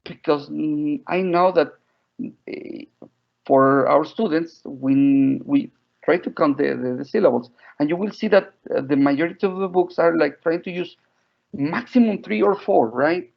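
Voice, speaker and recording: Gravelly man teaching teachers. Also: a little high, a little slow. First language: Spanish. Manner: chatty, frequent "right?" and "like". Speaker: teacher trainer. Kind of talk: online teacher training webinar. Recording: dull lo-fi audio.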